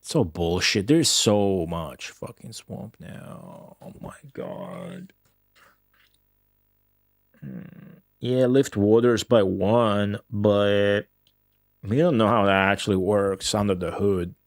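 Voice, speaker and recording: A man with a lowish voice talks slowly while live-streaming a game and responding to chat. Originally an Italian speaker, he uses English with a subtle Midwestern accent and a bit of Australian, and his commentary is rambling, casual and profane. The studio-quality recording has no echo.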